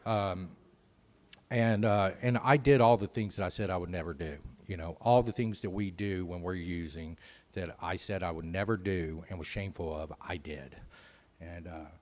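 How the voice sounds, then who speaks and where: A man's voice: low voice, moderate pace, darkish tone. A man telling his recovery story at a meeting, candid and rambling, with many "you know" fillers. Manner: candid, self-mocking. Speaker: AA speaker.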